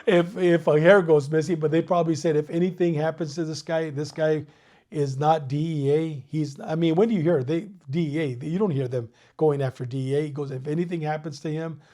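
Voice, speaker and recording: A retired male police detective telling a story as an interview guest, animated and acting out both sides of his phone calls. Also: fairly high pitch, a little fast. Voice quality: bald.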